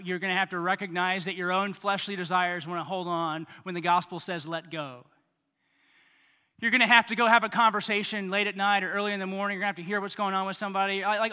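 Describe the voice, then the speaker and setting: A man in his thirties preaching a sermon in a conversational way, often repeating words and swinging between loud and quiet. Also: high voice, in a large hall. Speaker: pastor.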